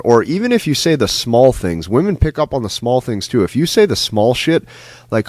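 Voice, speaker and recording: This dating coach is very animated, speaking at a moderate pace in a mid-range, slightly mellow voice with no echo. His lecture-style monologue is emphatic and repetitive, peppered with "like" and "right?".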